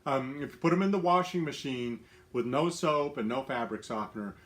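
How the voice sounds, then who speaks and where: A man's voice: medium pitch, fairly quick. Chatty, giggly man hosting a live stream from home. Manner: chatty, upbeat, giggly, lots of fillers. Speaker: lifestyle livestream host. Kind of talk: casual live-stream chat.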